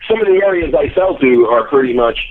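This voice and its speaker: A man's voice: mid-range voice, animated, quick pace, phone-quality sound. A man with a New Jersey accent, guesting on a show and telling rambling, profane stories. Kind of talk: casual chat.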